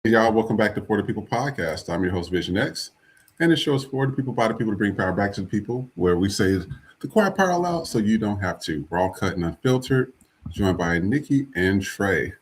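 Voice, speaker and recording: A man's voice: fairly low pitch, lively intonation, a little fast. A man hosting a podcast in a loose, chatty way, full of fillers. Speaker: podcast host. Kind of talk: casual chat.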